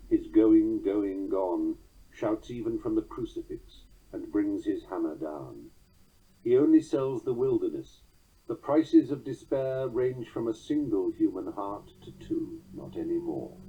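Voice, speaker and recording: A man with a deep, markedly husky voice reads lines of verse slowly and precisely, then explains their meter with a dry, wry touch. The sound is dull and lo-fi. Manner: measured, precise, drily wry. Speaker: poetry teacher. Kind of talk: scripted narration reading verse aloud.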